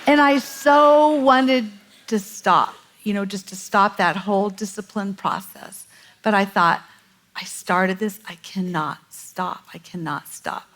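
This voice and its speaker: A middle-aged woman telling a lively, laughing family story in a church message. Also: mid-range voice, gravelly. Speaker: pastor's wife sharing a story. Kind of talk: sermon storytelling. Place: church stage.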